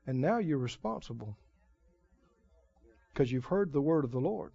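A man preaching a sermon, swinging from loud declarations to hushed, quiet lines. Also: medium pitch, sing-song, moderate pace, gravelly, long pauses, big-room sound. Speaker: pastor. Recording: dull lo-fi sermon recording.

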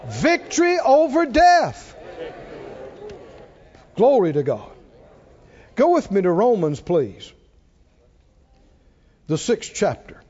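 A man preaching a sermon in a folksy, emphatic way that builds to shouting, recorded with dull lo-fi sound. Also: sits high, sing-song, slow, long pauses, breathy edge.

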